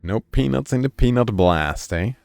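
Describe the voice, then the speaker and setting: A man's voice: mid-range voice, expressive, moderate pace, gravelly, darkish tone, no echo. A man giving casual commentary while streaming a game, thinking aloud and chatting with viewers.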